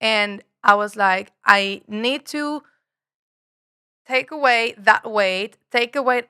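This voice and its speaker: A woman speaks in a bright, lively tone, sitting a little higher than most women. She talks earnestly and reflectively as a podcast guest, circling back over her own phrases. The sound is close and dry. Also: takes it slowly, clean tone, dry recording. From Mexico. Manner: reflective, earnest, repeats phrases, swears casually. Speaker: podcast guest, spiritual guide. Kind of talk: casual conversation.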